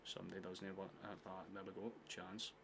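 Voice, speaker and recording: A Scottish man from near Glasgow streaming a football watchalong, chatting casually, swearing freely and shouting out at chances. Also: low-pitched, little pitch movement, normal speed, creaky, slight background noise. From Scotland, near Glasgow. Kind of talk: casual live-stream chat and match commentary.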